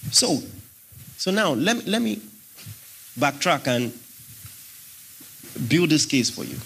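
Male pastor, high-pitched and husky, emphatic sermon delivery with rhetorical questions. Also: very animated, takes it slowly, a bit bright. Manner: emphatic preaching, questions to the congregation.

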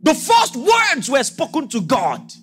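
A man preaching a sermon as pastor, asking rhetorical questions and swinging from quiet talk to shouted declarations. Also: very high voice, huge pitch swings, slow, soft background music.

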